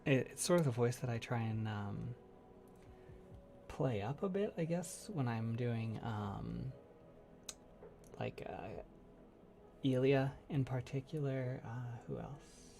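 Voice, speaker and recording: A man who makes ASMR content, hosting a casual livestream chat, soft-spoken and rambling, laughing often as he answers chat. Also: medium pitch, slow pace, vocal fry, pauses often, a little hiss or hum.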